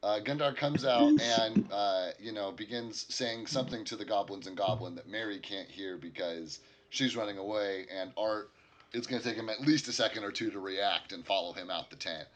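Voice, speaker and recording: A man's voice: lowish voice, normal speed, slight background noise. A man narrating as dungeon master, describing scenes in a loose, rambling way with many fillers. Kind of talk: narrating a tabletop game.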